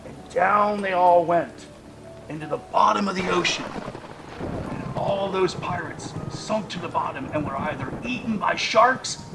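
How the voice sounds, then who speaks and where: A middle-aged man telling a spooky tale in dramatic campfire style, dropping to a hush and then swelling loud. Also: sits high, measured pace, vocal fry, noisy background. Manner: dramatic, swings between hushed and loud. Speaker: storyteller. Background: music.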